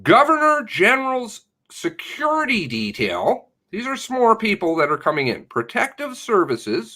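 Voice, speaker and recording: A man's voice: sits high, huge pitch swings, moderate pace, few pauses, pushed and bright. A man giving a sarcastic, ranting livestream commentary, mocking the police in put-on voices. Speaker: online commentator.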